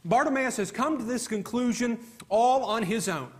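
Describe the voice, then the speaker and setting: Male preacher, high voice, emphatic sermon delivery. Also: moderate pace. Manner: earnest, emphatic preaching with repetitions.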